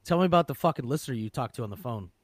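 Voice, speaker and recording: A man's voice: mid-range voice, lively intonation, racing, breathy edge, no room sound. A man co-hosting a podcast, talking bluntly and profanely in a teasing way. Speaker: podcast co-host. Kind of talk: casual chat.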